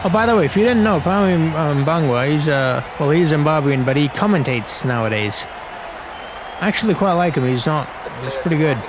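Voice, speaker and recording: A young man with a fairly high voice talks through a cricket video game in a chatty, self-mocking way, laughing often. The roar of a stadium crowd and steady noise sit clearly behind him. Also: moderate pace. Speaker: gaming commentator. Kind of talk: casual commentary over a cricket video game.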